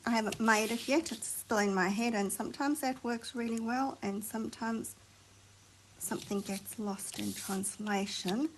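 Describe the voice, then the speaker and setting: A woman hosting a craft tutorial, chatting and thinking aloud as she works, sometimes dropping to a soft near-whisper while she concentrates. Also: fairly high pitch, normal speed, slight background noise, poor audio. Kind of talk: chatty hands-on craft demonstration.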